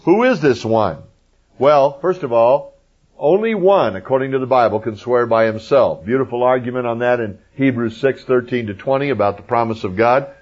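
A male preacher explaining scripture with emphasis and folksy asides to the audience. His voice sits in a middle pitch, and the recording sounds muffled and lo-fi. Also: moderate pace, darkish tone. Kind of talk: Bible teaching.

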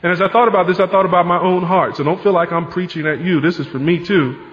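Pastor, male, conversational sermon delivery, slightly high voice, long hall reverb, dull lo-fi sound. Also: fairly even intonation, quick pace. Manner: conversational preaching, rhetorical asides.

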